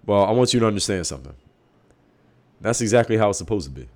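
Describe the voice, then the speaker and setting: A man's voice: lowish voice, animated, fast talker, darkish tone. A man hosting his own show, talking bluntly and emphatically in a casual monologue, swearing freely. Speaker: podcast host.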